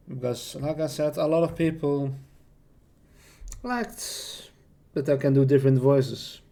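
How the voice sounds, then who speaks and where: A man streamer and hobby voice actor giving a casual spoken self-introduction, with halting, loosely strung phrasing. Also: a little high, dark tone.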